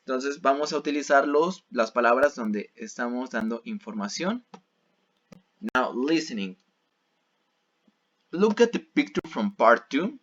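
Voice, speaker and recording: Slow, patient male English teacher. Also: medium pitch, lively intonation, a bit bright, lo-fi sound. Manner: repeats and rephrases each example patiently. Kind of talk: bilingual classroom explanation.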